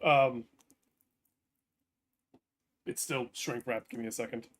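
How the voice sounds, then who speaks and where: A man's voice: mid-range voice, fairly even intonation, takes it slowly, fairly bright tone, a little hiss or hum. A man chatting casually on a live stream, hesitant with frequent ums and restarts.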